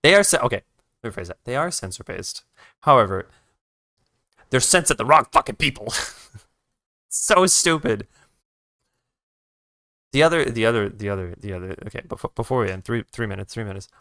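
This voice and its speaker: Ranting, swearing art streamer with a lively voice. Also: mid-range voice, fairly quick, pauses often, no room sound, clean studio sound. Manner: profane, ranting, retells the conversation in others' voices; restarts sentences while redrawing. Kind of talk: casual story time while drawing on a live stream.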